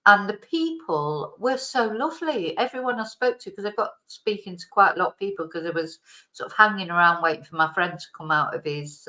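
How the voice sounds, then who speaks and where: A woman with a faded Manchester accent talks in a casual, rambling way, often stopping to correct herself. Her voice sits low for a woman. She laughs easily as she chats to her viewers. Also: a bit bright. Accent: Mancunian, softened. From Manchester, England. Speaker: vlogger. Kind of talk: casual chat. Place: home, lives in Spain.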